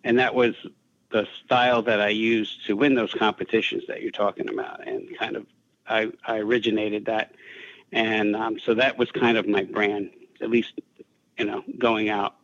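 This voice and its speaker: An older man with a New Jersey accent, a guest in a podcast interview, speaking in a measured way with many "uh" pauses. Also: fairly low pitch, little pitch movement, a bit bright, dull audio. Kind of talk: casual interview chat.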